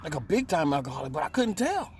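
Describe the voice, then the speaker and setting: A man's voice: on the high side, big pitch swings, quick pace, a little mellow, slight background noise. A man on a radio talk show telling a rambling, profane story and acting out the quotes. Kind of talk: casual storytelling chat.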